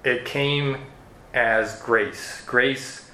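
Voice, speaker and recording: A man's voice: medium pitch, steady tone, very slow, bright, forceful tone, a little hiss or hum. A man preaching an expository sermon, walking listeners through the verses in an earnest teaching tone. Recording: echoey room with faint ambience.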